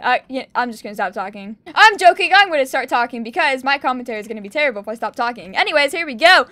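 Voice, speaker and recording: A young woman giving excitable gameplay commentary, cheering and shrieking as she plays. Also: high-pitched, fast talker, no room sound. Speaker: gaming YouTuber.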